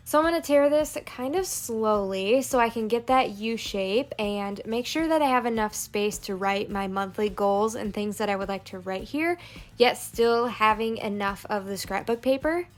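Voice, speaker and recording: Woman, somewhat high voice, calm step-by-step planner voice-over, soft music behind. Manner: calm step-by-step crafting walkthrough. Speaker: planner vlogger. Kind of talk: plan-with-me voice-over narration.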